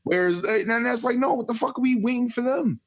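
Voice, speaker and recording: A man's voice: extremely high pitch, fairly even intonation, fairly quick. A man in his thirties hosting a podcast, talking emphatically and swearing freely in casual conversation. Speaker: podcast host.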